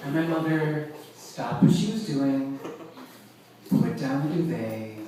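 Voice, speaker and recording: A man from Long Island telling a comic story on stage, wry and animated with self-mocking asides. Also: mid-range voice, a little slow, pauses often, slight background noise. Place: live performance venue with audience. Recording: echoey room, far from the mic, audience laughter.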